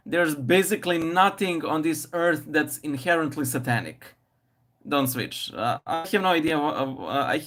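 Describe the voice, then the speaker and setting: A man hosting a casual live stream, thinking aloud with many fillers and restarts, speaking English with a noticeable non-native accent. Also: a little high. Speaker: live-stream host painting and answering viewer questions.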